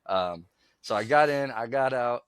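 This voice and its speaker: A man's voice: medium pitch, lively intonation, measured pace, fairly bright tone, a little hiss or hum. Middle-aged man telling a rambling story. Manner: rambling storyteller who acts out both sides of a conversation and laughs while telling. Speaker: podcast co-host. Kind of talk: casual storytelling chat.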